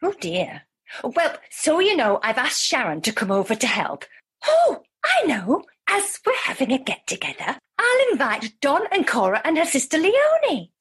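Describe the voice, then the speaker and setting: A woman's voice: sits high, huge pitch swings, normal speed, fairly bright tone, heavily acted. An actress playing a fussy, flustered woman helping to run an amateur show in a comedy audio drama.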